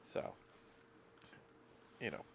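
A man chatting casually as a podcast co-host, animated when he quotes people. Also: very slow. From California. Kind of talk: casual chat.

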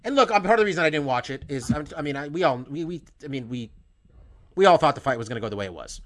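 Male podcast host, fired up, profane, bright forceful tone, stumbles and restarts. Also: on the high side, animated, quick pace. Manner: emphatic, profane, with many restarts. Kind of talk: heated podcast monologue.

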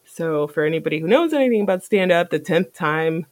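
A podcast host telling a story in casual chat, animated and profane, often laughing. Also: mid-range voice, fairly quick, no room sound.

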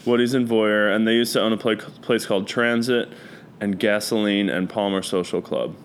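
A man's voice: fairly low pitch, fairly even intonation, moderate pace, slight background noise. A man telling stories as a guest in a casual chat, rambling and profane, full of fillers. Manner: rambling storyteller, loose and profane, many fillers.

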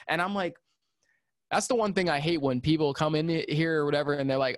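A man's voice: a little high, fairly quick, dry recording, clean studio sound. A man talking as a podcast guest about audio engineering, in casual chat that rambles with many fillers and restarts and turns emphatic.

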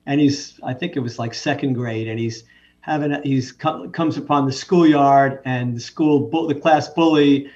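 A man's voice: mid-range voice, fairly even intonation, normal speed, darkish tone, far from the mic. A man, a physician guest, telling anecdotes in a casual conversation, often breaking off and restarting his sentences. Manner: anecdotal, with frequent self-interruptions. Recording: dull, muffled lo-fi sound.

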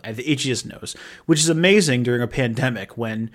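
A man's voice: mid-range voice, fast. A man hosting a casual solo podcast, talking in a wry, self-mocking way and swearing now and then. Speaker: podcast host.

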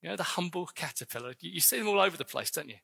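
Male preacher, high and bright, fervent sermon with light asides, long church reverb. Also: animated, rapid-fire, vocal fry, breathy edge. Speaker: visiting preacher.

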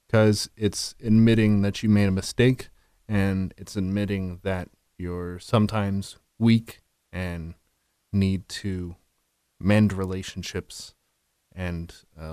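A man's voice: deep voice, steady tone, a little slow, darkish tone, clean tone, no room sound, clean studio sound. A man co-hosting a podcast, talking candidly and self-deprecatingly with crude jokes. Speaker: podcast co-host. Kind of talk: casual chat.

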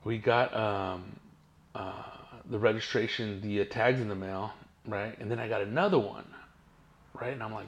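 A man's voice: fairly low pitch, fairly even intonation, moderate pace. A man, hosting his own podcast and telling rambling, profane stories in casual slang. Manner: profane, slangy, laid-back storytelling. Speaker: podcast host.

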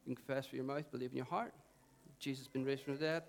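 A middle-aged man preaching a sermon, conversational and animated, putting questions to the congregation. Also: mid-range voice, rapid-fire, vocal fry. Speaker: pastor.

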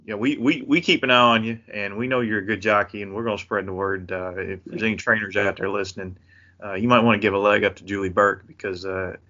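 A Kentucky man co-hosts a casual interview, low and forceful in tone, with a folksy, halting delivery. His audio is muffled and lo-fi. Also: fairly even intonation. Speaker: podcast co-host.

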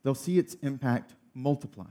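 A man in his thirties preaching a sermon, telling a funny family story with lively energy. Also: mid-range voice, moderate pace. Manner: storytelling, animated, laughing through funny story. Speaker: pastor.

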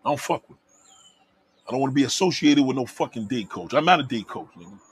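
Heated husky man ranting at chat. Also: medium pitch, expressive, fast. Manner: loud, heated, swearing, rhetorical questions, repeats himself. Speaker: livestream host reacting to chat comments. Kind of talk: profane livestream rant.

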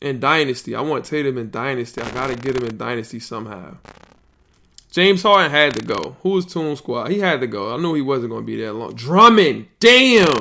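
A podcast host reacting live to a fantasy draft, excitable, yelling and laughing. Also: male voice, medium pitch, fairly quick, gravelly, slight background noise.

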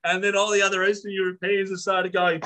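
An Australian man hosts a podcast, telling a story in casual, animated chat. His voice sits high, with a bright, forceful tone. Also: quick pace, poor audio. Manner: animated, swearing, laughing while telling stories. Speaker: podcast host.

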